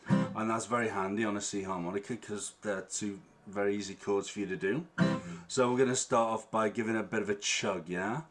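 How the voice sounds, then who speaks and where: A man with a somewhat low voice leads an online harmonica workshop. He talks in a chatty, easygoing way and keeps checking in with a questioning "yeah?", while faint guitar music plays behind him. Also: steady tone, fairly quick. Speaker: harmonica teacher. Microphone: online stream with latency. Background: guitar playing.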